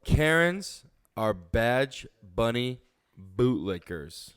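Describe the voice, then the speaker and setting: A man's voice: medium pitch, very animated, extremely slow, a bit bright, clear, resonant tone. A man co-hosting a comedy podcast, joking and riffing in playful improvised banter. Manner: playful, slips into silly voices. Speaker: podcast co-host.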